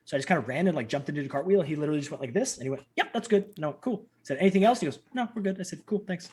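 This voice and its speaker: A man in his thirties, a guest telling stories in a casual interview, animated and acting out quoted lines. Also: rapid-fire, breathy edge. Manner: animated, acts out quotes with big pitch jumps.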